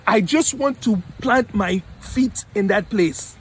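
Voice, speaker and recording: A man's voice: sits high, slow pace, slight background noise. A man putting on a defiant Nigerian-accented student. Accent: Nigerian (imitated). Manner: defiant, declaring. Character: male foreign student set on never returning home.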